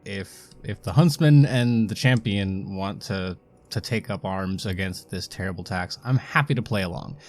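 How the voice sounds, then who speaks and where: A man's voice: low voice, normal speed. A man playing a tabletop roleplaying game who talks hesitantly, with many fillers. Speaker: player.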